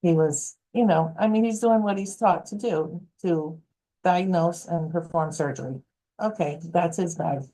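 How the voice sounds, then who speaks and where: Mellow-voiced woman health coach. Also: on the low side, measured pace, low-quality recording. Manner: animated, acts out quoted voices. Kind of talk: storytelling interview answer.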